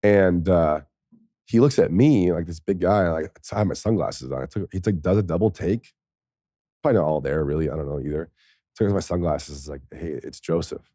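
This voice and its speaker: A man's voice: sits low, a little fast, no echo, studio quality. A man, a former pro football player, tells a candid, profane personal story in a podcast interview, and he is tearful at times. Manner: candid and profane, with laughs and soft, choked passages.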